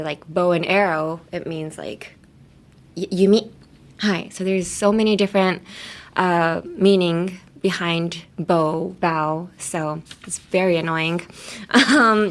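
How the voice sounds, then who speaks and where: A woman at a middle pitch coaches listeners through English pronunciation in a relaxed podcast chat. She giggles often and slips between English and Japanese as she explains sounds. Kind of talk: casual podcast lesson. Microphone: talking into a camera.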